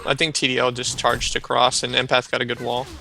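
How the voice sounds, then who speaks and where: A man's voice: mid-range voice, completely flat delivery, fairly quick, vocal fry, bright, forceful tone, soft background music. A man co-casting a live esports match, laid-back with dry, teasing humour while he analyses the play. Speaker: esports co-caster.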